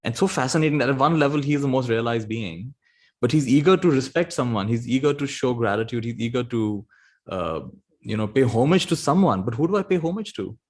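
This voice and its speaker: A man giving a dharma talk, telling a story gently and laughing often as he goes. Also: mid-range voice, animated, brisk. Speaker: spiritual teacher.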